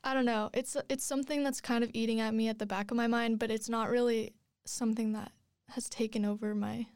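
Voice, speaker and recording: Young woman rambling through a story, lotsa likes, bit high, smooth clear voice, dry mic. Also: level tone, brisk, a little mellow, no room sound. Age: 20s. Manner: rambling, many likes and restarts. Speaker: guest telling a personal story. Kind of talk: casual storytelling chat.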